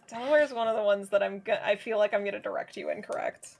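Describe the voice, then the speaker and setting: A woman's voice: medium pitch, creaky. A woman co-streaming in casual chat, explaining things and laughing often.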